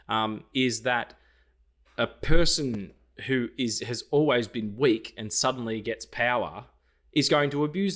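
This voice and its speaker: A man's voice: mid-range voice, a bit bright. A man co-hosting a casual film podcast, swearing freely and acting out scenes in quoted voices. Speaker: podcast co-host.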